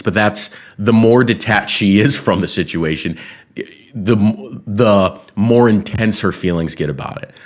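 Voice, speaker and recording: Young guy with a really low voice, rambling podcast story, lots of like and um, laughs a bunch. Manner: rambling, lots of fillers and restarts, laughs while telling. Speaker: podcast talker. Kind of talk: casual storytelling chat.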